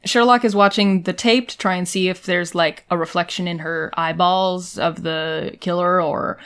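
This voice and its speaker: A woman's voice: fairly low pitch, fairly even intonation, a bit bright, smooth. A woman co-hosting a comedy podcast, casually recapping a TV episode in a chatty, playful way and briefly acting out the characters. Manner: chatty, playful, acts out characters in quick bursts. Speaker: podcast co-host.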